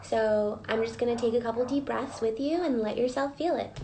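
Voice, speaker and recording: Woman wellness coach, fairly high voice with gravelly fry, guides a live reflection session. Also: a little fast, noisy background. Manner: guiding, prompting listeners with repeated questions.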